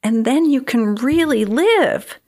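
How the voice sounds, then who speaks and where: Woman, middle-aged, emotional testimony, gravelly edge, slightly high voice, loud then whispered. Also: slow. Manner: animated, swings between loud exclamations and breathy whispers. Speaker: guest sharing testimony.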